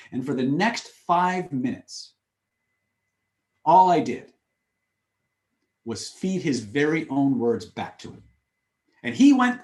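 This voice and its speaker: Guy running a seminar, voice jumping all over the place, roomy echo. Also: mid-range voice. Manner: animated, emphatic, repetitive phrasing. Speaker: influence trainer. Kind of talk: live seminar talk with storytelling. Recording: echoey room.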